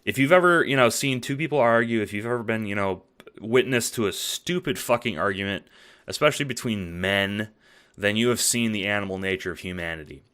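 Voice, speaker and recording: A video essayist moves briskly through a late-night spoken essay in a fairly low, smooth voice with a fairly bright tone. Despite tiredness and yawning, he stays conversational and profane, leaning on fillers and "right?".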